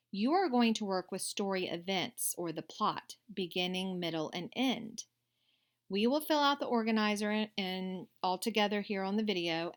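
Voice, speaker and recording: A woman teacher giving a recorded lesson to young children, patient and unhurried with occasional hesitations. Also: mid-range voice.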